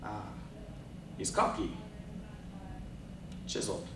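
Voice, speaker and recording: A man giving a dramatic oral interpretation of poetry, slow and theatrical, dropping to hushed lines and rising to loud cries. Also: background noise. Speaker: speech and debate competitor. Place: large event hall. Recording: echoey hall recorded from far off.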